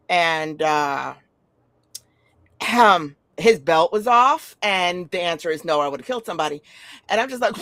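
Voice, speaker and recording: A woman's voice: lowish voice, expressive, slow pace, a bit bright, no echo. A middle-aged woman talking in a casual chat, telling stories bluntly and animatedly, with frequent swearing.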